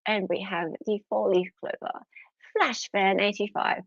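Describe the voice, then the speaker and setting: Middle-aged Australian woman, casual live-chat host, chatty and giggly, mid-pitched, recorded on a dull home mic. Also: unhurried, no room sound. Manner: chatty and giggly, greeting viewers. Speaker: livestream host. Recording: slightly dull lo-fi audio.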